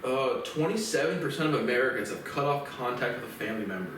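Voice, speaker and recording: A man's voice: mid-range voice, expressive, quick pace, background noise. A man giving a profane, rambling and indignant solo commentary. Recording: very echoey room, mic far off.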